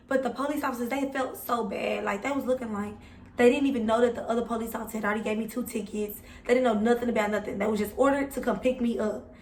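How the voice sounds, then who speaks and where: A young woman tells a story to her viewers in a loose, animated way, swearing freely as she goes. Her voice sits a little high. She is recorded in an echoey room with the mic set back from her. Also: fast talker, recorded from a distance. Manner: animated and profane, talking straight to viewers. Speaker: vlogger. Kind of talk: casual storytime.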